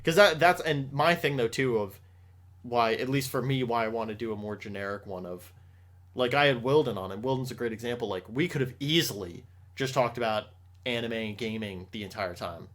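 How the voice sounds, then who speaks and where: A man's voice: mid-range voice, brisk, fairly bright tone. A young man hosting a podcast, chatting casually, rambling and swearing often with lots of restarts. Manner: rambling, profane, frequent restarts. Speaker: podcast host.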